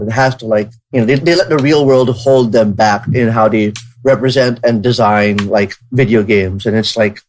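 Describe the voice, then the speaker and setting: A man co-hosting a podcast, talking at length in a casual way, with many restarts as he thinks out loud. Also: lowish voice, normal speed, few pauses, low-quality recording. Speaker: podcast co-host.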